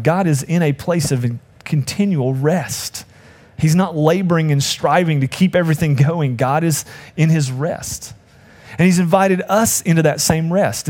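A man's voice: fairly high pitch, darkish tone. A man preaching a conversational sermon as pastor, acting out quoted voices with humor.

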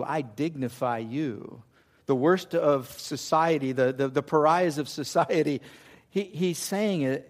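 A man preaching a sermon, swinging from loud emphatic lines to hushed, intimate ones. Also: fairly high pitch. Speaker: pastor.

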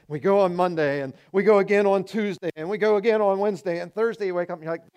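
High-voiced pastor preaching animatedly. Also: male voice, fast, few pauses, clean tone. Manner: animated, acts out people's excuses in shifting voices. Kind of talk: sermon.

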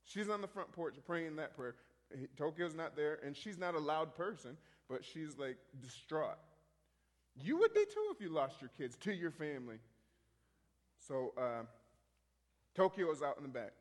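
A man telling a story in a rambling, halting way, full of restarts, as a minister sharing a testimony. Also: a little high, sing-song, in a large hall.

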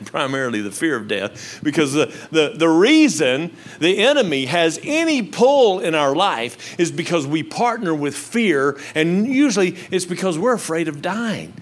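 An older man preaching a sermon to his congregation on a handheld microphone. He swings from low, quiet asides to loud, emphatic lines. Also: very animated, unhurried. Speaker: pastor. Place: church with live congregation.

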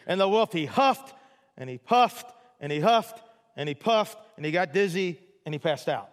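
A man's voice: a little high, animated, moderate pace, long reverb tail. A male pastor preaching a sermon in a chatty, jokey storytelling way, full of asides to the audience.

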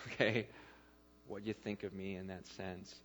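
Pastor preaching in an echoing church hall. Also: male voice, low-pitched, takes it slowly. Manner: swings from loud animated appeals to quiet intimate talk. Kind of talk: sermon. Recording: dull hall recording with mains hum.

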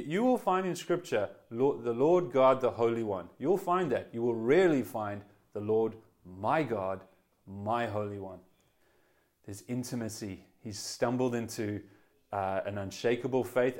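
A man preaching a sermon as pastor, earnest and conversational, often restarting phrases and swinging between loud and hushed emphasis. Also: mid-range voice. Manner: voice swells then drops to quiet emphasis.

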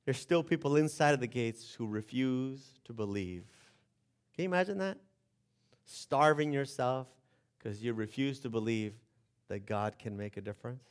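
A man preaching a sermon, retelling a story with animated acted-out voices for the characters. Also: medium pitch, normal speed. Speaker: pastor.

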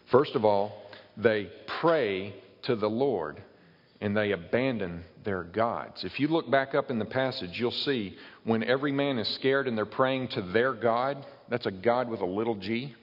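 Low-voiced preacher in an echoey hall. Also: male voice, dull audio. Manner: expository preaching, reading verses aloud. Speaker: pastor. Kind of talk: sermon.

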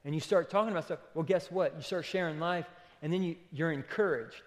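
Conversational pastor preaching in a reverberant hall. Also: male voice, fairly high pitch, a little fast. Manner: conversational, emphatic, lots of "okay" and "listen". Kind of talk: sermon. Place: church auditorium.

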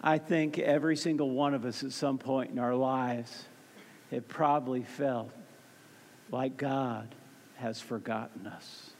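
A man preaching a sermon as pastor, emphatic and fervent, swinging from loud peaks to soft, low passages and often repeating words as he starts a phrase. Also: fairly even intonation, measured pace. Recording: long hall reverb.

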